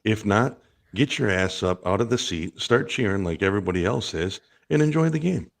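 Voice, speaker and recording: Brief: crude, gravelly, very deep-voiced co-host. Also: male voice, animated, moderate pace. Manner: gruff, crude, bossy. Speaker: podcast co-host. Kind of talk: casual comedy podcast chat.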